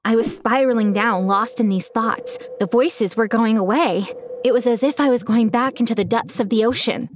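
A woman's voice: fairly high pitch, moderate pace, slight background noise. A woman giving an earnest, emotional first-person story narration.

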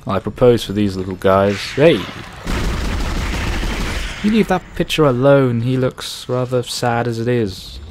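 A man talks over his horror game playthrough, sarcastic and quick with jokes, swearing freely. There is a faint hiss of noise under his voice. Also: medium pitch, a little mellow. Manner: sarcastic, swears a lot, jokey asides. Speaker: gaming youtuber. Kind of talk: let's play commentary.

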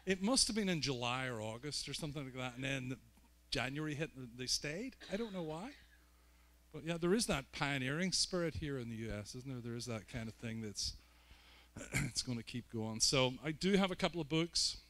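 A man's voice: medium pitch, animated, normal speed, fairly bright tone. Belfast-accented man preaching with jokes. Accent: Northern Irish, Belfast. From Northern Ireland. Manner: joking, self-mocking asides. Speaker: guest preacher. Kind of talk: sermon.

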